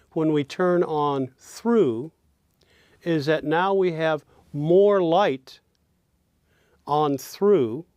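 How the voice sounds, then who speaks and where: Guy teaching songwriting rhythm, slow careful talk, dry close sound. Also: a little high, a little mellow, smooth, no echo. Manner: slow, explanatory, counts beats and speaks example lines aloud. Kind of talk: lesson on lyric stress and rhythm.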